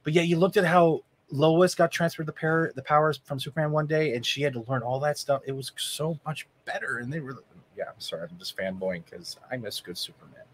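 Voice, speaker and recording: A man's voice: on the high side, fairly quick, few pauses, a little hiss or hum. A man chatting casually about shows, rambling with fan enthusiasm. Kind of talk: casual chat.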